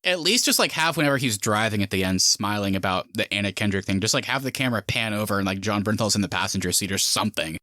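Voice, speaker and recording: Man, podcast co-host, lively swooping pitch, dry close mic, casual film talk. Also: no echo. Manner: animated, quick asides and voiced reactions. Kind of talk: casual movie discussion.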